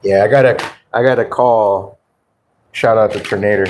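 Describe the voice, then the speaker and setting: A man's voice: on the low side, steady tone, moderate pace, darkish tone, slight background noise. A man live streaming, chatting casually with viewers in a rambling, laughing way with plenty of swearing. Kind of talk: casual livestream chat.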